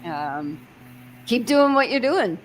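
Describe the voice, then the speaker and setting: A woman's voice: a little high, sing-song, slow pace, noisy background. A woman from Arizona hosting a livestream interview, friendly and a little hesitant, with many small fillers. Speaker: host.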